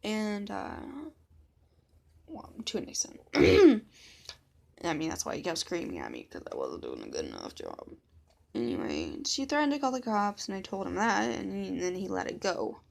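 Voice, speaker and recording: Gravelly, blunt woman telling a story. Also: on the low side, huge pitch swings. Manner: blunt, swears freely, quotes others in quick back-and-forth. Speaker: vlogger. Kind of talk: casual storytime vlog.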